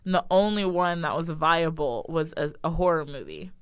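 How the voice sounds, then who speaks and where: A woman's voice: sits low, expressive, moderate pace, smooth, no echo. Chatty young woman telling a story. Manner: chatty storyteller, laughs often, acts out quotes. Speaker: podcast co-host. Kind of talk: casual chat.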